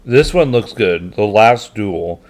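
A man co-hosting a casual movie podcast, relaxed, reading out film listings haltingly. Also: fairly low pitch. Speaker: podcast co-host. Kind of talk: casual chat about movies.

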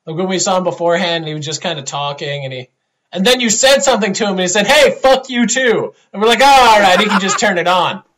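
A man's voice: high voice, very fast, sharp tone, rough recording. A man co-hosting a podcast, rambling in casual chat and acting out quotes. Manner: rambling, restarts and acts out quotes. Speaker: podcast co-host.

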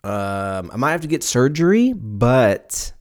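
A man's voice: medium pitch, big pitch swings, takes it slowly. A man in his twenties from Southern California, hosting a casual solo podcast and rambling, joking and swearing freely. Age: 20s. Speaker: podcast host.

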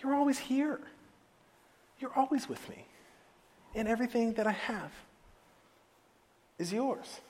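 A man playing a gentle older father who softly and tenderly pleads with his son, in an echoey hall. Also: sits high, huge pitch swings, a little fast, few pauses.

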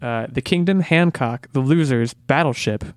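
A man's voice: mid-range voice, moderate pace, no echo, clean studio sound. A man hosting a casual movie podcast, talking eagerly and often repeating words as he restarts. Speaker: podcast host.

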